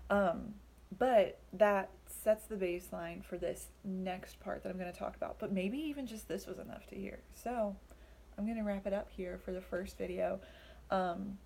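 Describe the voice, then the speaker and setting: A young woman teaches a Bible passage in an easygoing, chatty way, full of fillers and animated quotes. Her voice is warm and mellow, with a faint hiss in the background. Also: medium pitch, gravelly. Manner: chatty, filler-heavy, acts out quoted lines. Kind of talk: casual Bible study talk.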